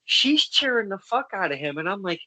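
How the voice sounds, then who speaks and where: A man hosting a casual interview over a video call, excitable and swearing freely. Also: high-pitched, a little fast, poor audio. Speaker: host.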